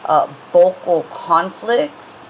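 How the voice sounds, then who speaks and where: A woman's voice: fairly low pitch, very animated, extremely slow, a little hiss or hum, poor audio. A woman giving a casual tarot reading, rambling and conversational with many fillers and restarts, and blunt when she gets heated. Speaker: tarot reader.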